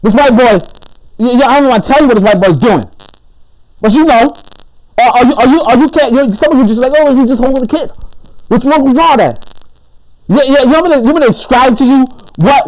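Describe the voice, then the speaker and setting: A man giving an impassioned commentary monologue. He preaches emphatically, repeats and restarts his words, and drops lower and calmer when he reads aloud. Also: fairly quick, rough recording. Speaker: commentary channel host.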